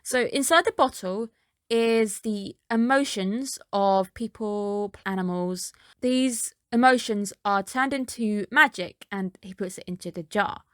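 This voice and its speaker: A woman's voice: mid-range voice, a little slow, clear, resonant tone, no room sound, clean studio sound. A woman reviewing an anime episode in a casual recap, chatty and dropping skeptical asides.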